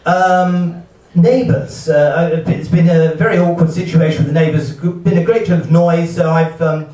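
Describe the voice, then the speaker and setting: A man doing a stand-up set at a live gig, talking in a hesitant, halting way with many fillers and restarts. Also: fairly high pitch, fairly even intonation, dark tone. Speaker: stand-up comedian. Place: comedy venue, heard from the hall with a laughing audience. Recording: echoey hall, distant mic, audience laughter.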